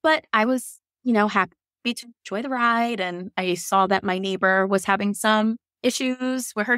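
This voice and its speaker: A woman's voice: medium pitch, no room sound, clean studio sound. A woman in her thirties from Virginia, a podcast guest telling her birth story in a casual, frank way, acting out her own and others' words and laughing often. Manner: animated, quotes herself and others, laughs often.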